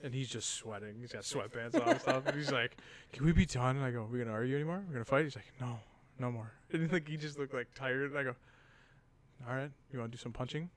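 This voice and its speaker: Man telling a lively story. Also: mid-range voice, quick pace. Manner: animated storyteller acting out quotes. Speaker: podcast co-host. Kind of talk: casual chat.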